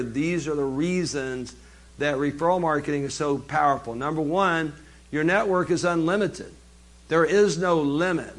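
Lively, higher-voiced male seminar speaker. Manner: lively, jokey, addresses the audience directly. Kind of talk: live business seminar talk.

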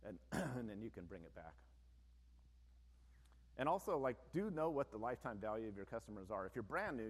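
A man who owns a business, giving an informal, plain-spoken presentation to an audience, with frequent conversational asides. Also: fairly low pitch. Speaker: business owner giving a talk. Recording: long reverb of a large hall.

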